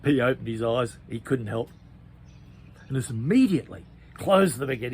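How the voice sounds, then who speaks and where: Chatty storyteller, gravelly voice. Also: male voice, mid-range voice, animated, normal speed, a little hiss or hum. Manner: chatty, with asides and hushed passages. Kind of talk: children's story reading.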